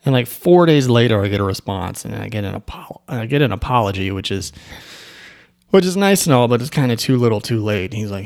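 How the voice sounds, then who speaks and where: A man's voice: lowish voice, lively intonation, fairly quick, vocal fry, a little mellow. A man who owns an agency, telling a story in a casual, rambling way with asides and restarts. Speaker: agency owner.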